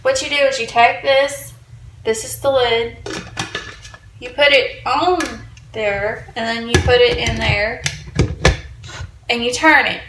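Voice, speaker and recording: A woman's voice: a little high, fairly even intonation, slow pace, long pauses, noisy background. A woman, chatting to viewers in a casual home cleaning vlog and telling a story from her kitchen. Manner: chatty, tells stories to viewers. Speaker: vlogger.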